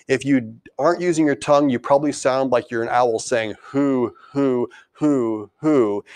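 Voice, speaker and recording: A man's voice: mid-range voice, no room sound. A man teaching a beginner band lesson, explaining tonguing and foot tapping and counting rhythm syllables aloud. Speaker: music teacher.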